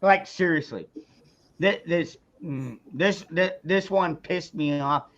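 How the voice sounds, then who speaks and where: A man's voice: on the high side, slow, fairly bright tone. A man ranting on a casual livestream, angry and profane, stumbling through restarts as he talks. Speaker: streamer. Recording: dull lo-fi sound.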